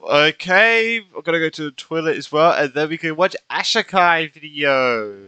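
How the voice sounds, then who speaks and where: A man streaming a game in casual chat, out of breath, reacting excitably and swearing. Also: on the high side, normal speed, clean tone. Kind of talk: casual live-stream chat while gaming.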